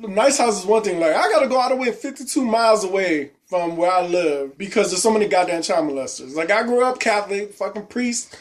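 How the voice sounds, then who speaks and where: A man's voice: high-pitched, expressive, brisk. A man co-hosting a podcast, ranting bluntly and with plenty of profanity in casual banter. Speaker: podcast co-host.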